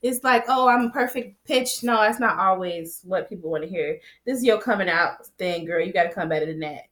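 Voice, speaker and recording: A woman casually recapping a TV episode, retelling scenes in lively quoted voices with slang and laughter. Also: on the low side, fairly quick. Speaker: TV recap vlogger.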